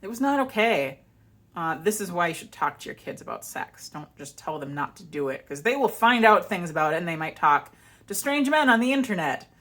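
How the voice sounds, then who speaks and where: Woman vlogger, chatty and animated storyteller, voice a touch low. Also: fairly quick. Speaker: vlogger and author. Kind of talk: casual chat.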